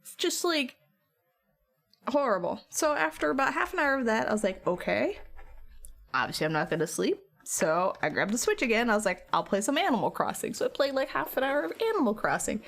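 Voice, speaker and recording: A gravelly, slightly high voice, very animated and fairly quick, belongs to a tired young woman streamer. She's casually chatting with viewers, rambling her way through a story and dramatizing her own quotes.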